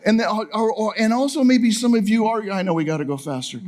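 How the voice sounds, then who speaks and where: A man, teasing his wife in a lively, joking talk to a camp audience. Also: sits high, fast talker. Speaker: family camp speaker.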